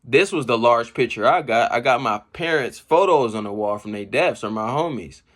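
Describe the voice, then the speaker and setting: Animated man, bright voice, slangy casual commentary, laughs and reacts loudly. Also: mid-range voice, normal speed. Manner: excitable, laughs and shouts in reaction, explains bars; slangy street talk. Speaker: battle rap breakdown host. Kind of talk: casual commentary breaking down rap bars.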